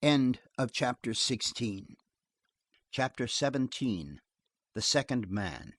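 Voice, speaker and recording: A man reading a western novel aloud as an audiobook narrator, steady and measured. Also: medium pitch, no echo, clean studio sound.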